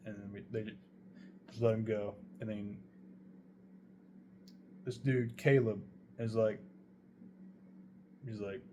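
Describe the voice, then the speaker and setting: A man's voice: lowish voice, steady tone, a little slow, long pauses, background noise. A young man casually telling a true story, rambling and swearing heavily as he goes. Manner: profane, rambling, heavy swearing.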